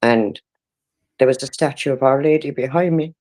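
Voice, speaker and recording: An Irish woman in her sixties gives emotional personal testimony in an interview, halting, often breaking off and starting again. Her voice is bass and darkish in tone.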